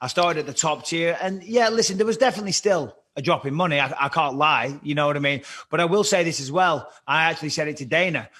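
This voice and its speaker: Speaking fast with hardly any pauses, this man has a slightly high voice and a sharp tone. He's an ex-fighter from Liverpool, born on a British army base in Cyprus and brought up in England, swearing constantly as he rambles through stories on a casual podcast.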